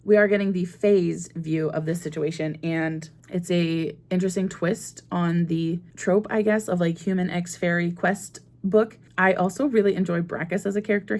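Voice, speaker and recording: This is a young American book vlogger making casual conversation, wandering from point to point and laughing at herself a lot. Her pitch sits fairly low, with a slightly mellow quality.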